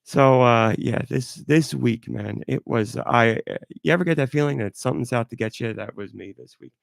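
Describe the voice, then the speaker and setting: A sick man hosting a live podcast with a hoarse, stuffy voice, rambling and apologetic. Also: medium pitch, moderate pace, no room sound, clean studio sound. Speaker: podcast host. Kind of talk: casual live podcast chat.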